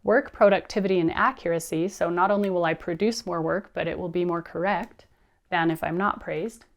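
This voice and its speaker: A woman in her thirties giving an animated lecture to teachers, telling a personal story with expressive delivery. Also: fairly low pitch, a little fast. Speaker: teacher trainer.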